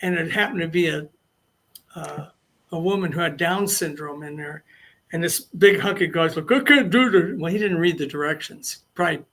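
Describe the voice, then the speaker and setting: High-voiced older man telling stories. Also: steady tone, moderate pace, a bit bright. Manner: rambling anecdotes with repeated restarts. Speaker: guest. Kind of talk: casual storytelling interview.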